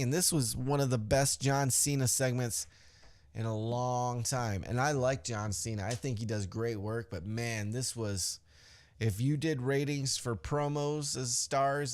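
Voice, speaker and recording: A man hosting a podcast who recaps a wrestling show in a loose, rambling way, with fillers and some swearing. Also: medium pitch. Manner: acts out quotes in a loose, offhand way. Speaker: podcast host.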